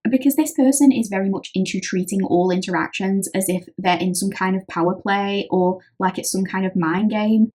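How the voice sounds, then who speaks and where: A woman's voice: mid-range voice, a little mellow. A British woman giving a chatty pick-a-card tarot reading, talking straight to the viewer and acting out what other people say. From Britain. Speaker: tarot reader.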